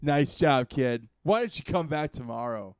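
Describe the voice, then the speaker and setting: A man voicing a drunk old male kung fu master in a video game, loud and patronizing, calling the player kid. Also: mid-range voice, lively intonation, moderate pace, smooth, dry recording, natural voice.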